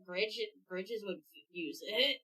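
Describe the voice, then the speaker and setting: A woman chatting casually as a fellow vtuber. She gets excited easily and exclaims often. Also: mid-range voice, takes it slowly, husky. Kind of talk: casual chat.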